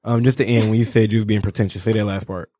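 A man's voice: fairly low pitch, fairly even intonation, mellow, no echo, clean studio sound. A man co-hosting a podcast, steering the casual chat and prompting others. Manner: fast, talkative moderator. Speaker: podcast co-host.

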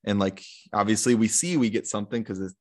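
A young man with a fairly low voice, chatting as a guest on a podcast. He tells his story loosely, with plenty of likes and ums, and acts out what people said to him. His tone stays easygoing and conversational. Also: fast. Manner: relaxed, rambling, many fillers and retold quotes. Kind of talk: casual storytelling in an interview.

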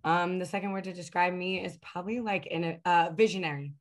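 A woman's voice: on the low side, steady tone, brisk. A woman chatting as an interview guest, casual and talkative, with many fillers, sometimes reflective and earnest. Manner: reflective and earnest about her purpose.

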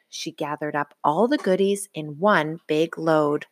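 A woman reading a picture book aloud to a child in an expressive, sing-song way. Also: sits low, a little slow. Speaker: storybook reader.

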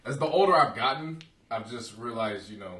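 A man co-hosting a podcast, talking in a measured, reflective, matter-of-fact way. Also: medium pitch, lively intonation, a bit bright, distant mic. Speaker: podcast co-host. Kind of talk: casual chat.

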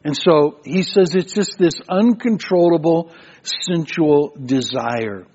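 An older man preaches to his congregation in a conversational, storytelling way, often repeating words as he goes. His voice sits somewhat high for a man. The recording is dull and lo-fi. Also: takes it slowly, darkish tone, husky. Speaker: pastor. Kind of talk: sermon. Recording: muffled, lo-fi sermon recording.

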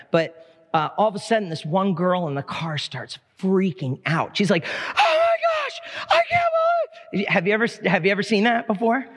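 A man preaching a sermon, his voice sitting high for a man. He tells stories with animated energy and slips into playful impressions. His words ring out with a long reverb in a church hall. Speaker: pastor.

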